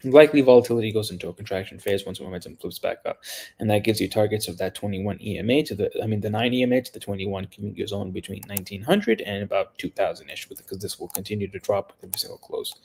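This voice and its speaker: A man giving casual, technical market chart analysis, talking quickly and often correcting himself mid-sentence. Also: fairly low pitch, creaky, a little mellow, a little hiss or hum. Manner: rapid, technical, with self-corrections.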